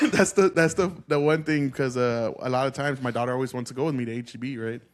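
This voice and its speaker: Fast-talking man joking crudely. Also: medium pitch. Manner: crude, joking banter, laughs often; quick, rambling talk with many restarts. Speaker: podcast co-host. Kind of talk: casual podcast chat.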